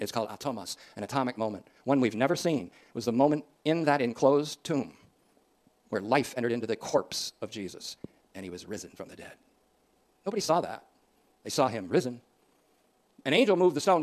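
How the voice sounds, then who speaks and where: A man preaching a sermon, swinging from loud emphatic declarations to soft, quiet asides. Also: medium pitch. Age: older.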